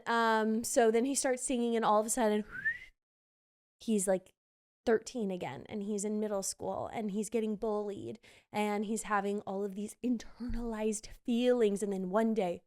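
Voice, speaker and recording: A woman's voice: medium pitch, steady tone, normal speed, a little mellow. A young woman hosting a podcast, chatting casually and gushingly about theater shows with lots of fillers. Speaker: podcast host. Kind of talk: casual theater review chat.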